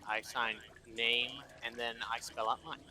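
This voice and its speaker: A man's voice: mid-range voice, little pitch movement, unhurried, pushed and bright, a little hiss or hum. A man playing in a tabletop game, speaking hesitantly with many fillers. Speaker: player. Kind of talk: casual tabletop play.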